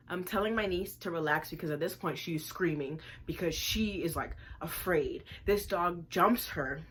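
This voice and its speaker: Animated woman vlogger telling a story. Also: fairly low pitch, normal speed, hardly any pauses, breathy edge. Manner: animated, emphatic, repeats lines for effect.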